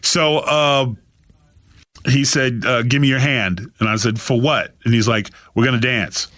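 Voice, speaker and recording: A man spins an animated story as a podcast guest, jumping into the voices of the people he quotes. His tone is bright and forceful. The sound is dry and close. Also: a little slow, dry recording. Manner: acts out quoted voices with big pitch jumps. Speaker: guest, author.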